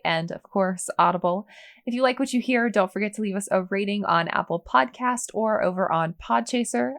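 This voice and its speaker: A woman co-host reading through a podcast outro in an even, steady way. She sounds like she is working from a script, moving smoothly from one line to the next. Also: medium pitch.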